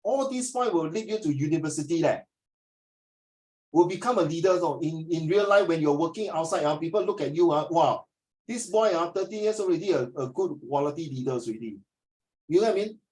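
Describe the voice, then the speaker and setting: A man's voice: a little high, expressive, fairly quick, darkish tone, rough recording. A man with a Singaporean English accent tutoring a class, teasing his students and then lecturing them seriously.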